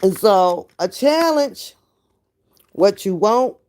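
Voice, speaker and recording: A woman's voice: medium pitch, lively intonation, slow, darkish tone. A woman ranting straight at her viewers in a casual vlog, profane and often laughing. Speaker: reaction vlogger. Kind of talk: casual to-camera rant.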